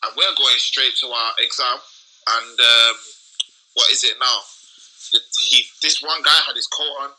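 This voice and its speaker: A young man, telling a school story in a rambling, excited way full of slang on a casual podcast. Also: medium pitch, unhurried, low-quality recording. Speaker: podcast co-host.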